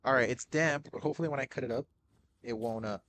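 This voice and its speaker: A young man giving excitable live gameplay commentary, swearing often, calling everyone bro and dude, and panicking in repeated shouts. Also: medium pitch, fast talker, slight background noise. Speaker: gaming streamer.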